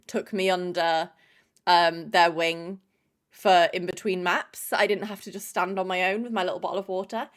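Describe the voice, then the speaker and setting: A woman's voice: on the low side, fairly bright tone. A young woman chatting casually on a live stream, swearing freely and greeting chatters by name.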